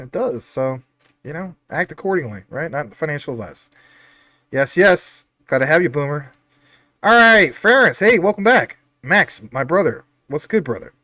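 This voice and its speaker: Man, livestream host, reading chat comments, upbeat and jokey, slightly high voice, dry sound. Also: pushed and bright, no echo.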